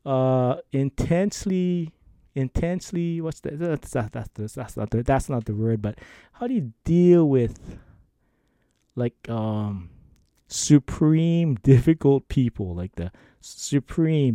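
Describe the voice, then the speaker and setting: Animated man telling rambling stories. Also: medium pitch, slow, no room sound, studio quality. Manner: rambling, animated, acts out quoted lines; laughs often. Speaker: podcast host. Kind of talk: casual storytelling monologue.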